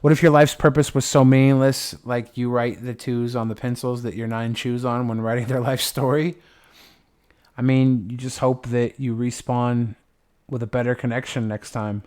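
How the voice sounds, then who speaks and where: A man's voice: medium pitch, level tone, moderate pace, a little mellow. A young man hosting a livestream, chatting casually in a rambling, playful way with lots of swearing. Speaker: livestream host.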